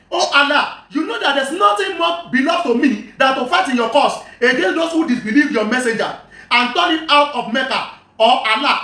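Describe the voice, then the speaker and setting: A bright, high voice that moderates a heated religious debate. It reads scripture in slow, measured lines, then cuts in forcefully and tells others to calm down. The sound carries a roomy echo.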